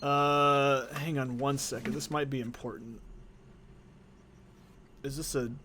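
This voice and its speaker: A man's voice: medium pitch, steady tone, takes it slowly, sharp tone, slight background noise. A man hosting a game let's play, chatting casually in a rambling, profane, joking way. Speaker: gaming channel host.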